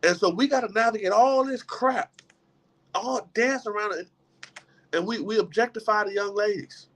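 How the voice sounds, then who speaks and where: A man's voice: high voice, normal speed, fairly bright tone. A middle-aged man giving a motivational talk to a live group, emphatic and preacher-like, repeating words as he builds his points. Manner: emphatic preacher-like delivery with many repetitions. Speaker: motivational speaker.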